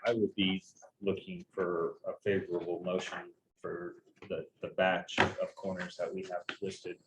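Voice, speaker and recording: A man's voice: low voice, level tone, measured pace, fairly bright tone, slight background noise, poor audio. A man leading a public board meeting, speaking in a hesitant, hedging way with many fillers. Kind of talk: formal meeting discussion.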